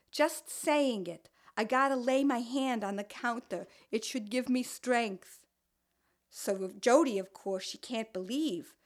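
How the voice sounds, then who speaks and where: A woman's voice: fairly high pitch, animated, slow, a bit bright. A woman voicing an older, fussy and fretful mother with a Brooklyn accent, telling her story in the first person with wry, complaining asides. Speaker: narrator.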